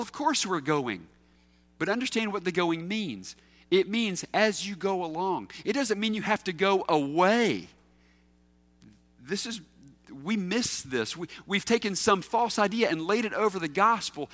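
Animated high-voiced preacher in a hall. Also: male voice. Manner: animated, emphatic preaching with rhetorical questions. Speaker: pastor. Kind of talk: sermon.

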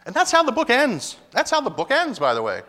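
Man, pastor, sermon, bright tone, animated pitch, long reverb. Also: a little fast. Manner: emphatic preaching, voicing God and Jonah in turn.

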